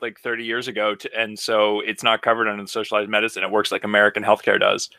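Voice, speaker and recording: A man's voice: fairly low pitch, completely flat delivery, quick pace, gravelly, pushed and bright, clean tone, dry recording. A man co-hosting a podcast, telling an exasperated, profane story in casual chat. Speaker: podcast co-host.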